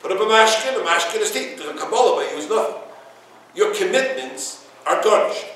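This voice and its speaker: A man teaching a Torah class, his voice pitched high and lively as he tells stories and acts out the people in them. He sounds far from the microphone in a strongly echoing room. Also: brisk, a little hiss or hum. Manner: animated storyteller, acts out dialogue, Yiddish and Hebrew words. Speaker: rabbi giving a Torah class. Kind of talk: informal Torah lecture with stories and humor. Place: room with listeners.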